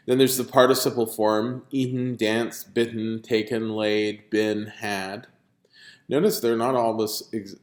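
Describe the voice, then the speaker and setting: A man with a mid-range voice lectures on video, explaining patiently and leaning on key terms. Fillers and restarts break up his sentences, and the room around him rings with a noticeable echo. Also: mid-range voice. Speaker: linguistics lecturer.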